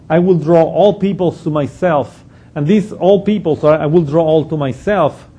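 A man's voice: on the high side, normal speed, dark tone, husky. A man giving an unscripted Bible study lesson, explaining a passage step by step and thinking aloud as he goes. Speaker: Bible teacher.

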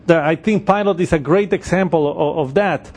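A man's voice: a little high, moderate pace, a little mellow, breathy edge. A man giving a verse-by-verse Bible teaching, reasoning through the details step by step.

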